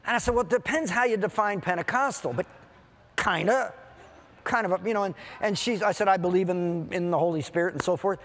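A man preaching a sermon, telling a lively personal story and acting out the dialogue in different voices. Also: high-pitched, fairly quick. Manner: animated, acts out dialogue in quoted voices. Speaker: pastor. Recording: hall reverb.

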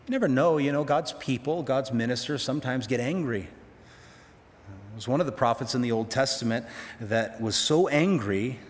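A man's voice: medium pitch, moderate pace, big-room sound. A man teaching through a Bible passage in a conversational sermon, with folksy asides to his listeners.

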